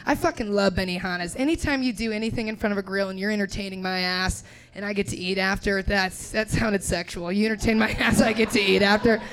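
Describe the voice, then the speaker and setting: A woman's voice: medium pitch, steady tone, quick pace, fairly bright tone. A young woman from Indiana doing crude, laughing stand-up, riffing with the audience on a club stage. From Indiana, USA. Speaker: stand-up comedian. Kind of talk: crowd-work stand-up. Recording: live club with crowd laughter.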